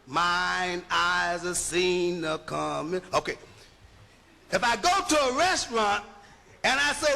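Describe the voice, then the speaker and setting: A man's voice: high voice, slow, gravelly, bright, forceful tone, soft background music. A man giving an emphatic, rhetorical lecture, punching his points and checking that listeners follow. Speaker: linguistics lecturer. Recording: long hall reverb.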